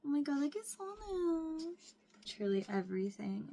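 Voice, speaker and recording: Gushing young woman with vocal fry. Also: sits high, big pitch swings, normal speed, mellow, a little hiss or hum. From Mississippi. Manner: gushing, squeals and laughs often, says "like" a lot. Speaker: vlogger. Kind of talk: excited unboxing chat. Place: home room with window.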